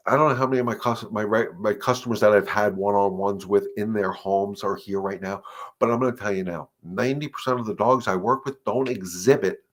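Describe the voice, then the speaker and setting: A middle-aged man, a dog trainer hosting a live question-and-answer session, talking earnestly and emphatically and repeating his points. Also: lowish voice. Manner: earnest and emphatic, repeating points, acting out dogs and owners in quick asides. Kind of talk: live-stream advice talk.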